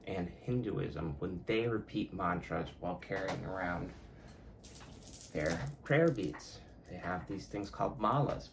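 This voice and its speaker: Alone on his podcast, this host rambles casually, swearing and frequently correcting himself. He has a lowish, slightly bright voice, and a bit of hiss or hum sits in the recording.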